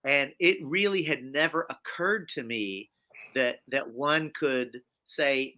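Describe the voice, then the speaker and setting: A man, a guest in a conversational interview, telling his story in an animated, emphatic way with frequent restarts and repeated phrases. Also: medium pitch, takes it slowly.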